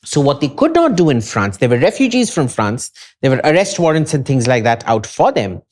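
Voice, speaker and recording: Lively Indian man holding forth. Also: medium pitch, brisk. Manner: emphatic, opinionated lecturing. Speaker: podcast guest. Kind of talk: casual podcast discussion.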